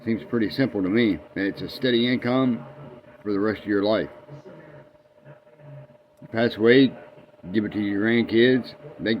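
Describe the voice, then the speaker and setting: A man's voice: lowish voice, normal speed, pauses often, highs cut off, slight background noise. A man, rambling folksy and self-deprecating as he tells a joke in a casual vlog from his garage. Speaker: vlogger.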